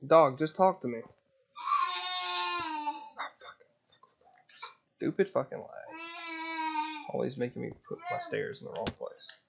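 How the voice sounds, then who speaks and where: A man's voice: medium pitch, huge pitch swings, a little slow, gravelly, long pauses, noisy background. A man streaming a game live, grumbling and swearing with sarcasm while chatting to his baby son. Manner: talks to his baby son between tasks. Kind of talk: casual gaming live stream chat.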